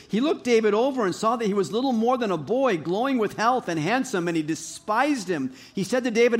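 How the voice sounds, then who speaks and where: A male pastor whose voice is a little high delivers a sermon, reading scripture and recounting it as animated storytelling that shifts from loud passages to soft ones.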